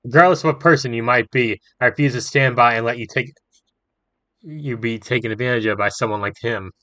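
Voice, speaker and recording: A young man reading a visual novel aloud with animated, swearing reactions as a gaming host. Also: medium pitch, fairly quick, no room sound, rough recording.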